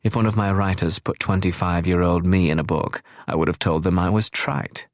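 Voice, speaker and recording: A man's voice: sits low, fairly even intonation, fairly quick, no room sound, studio quality. A man voicing a flamboyant, witty English woman of about forty with a posh English accent and a breezy, teasing manner.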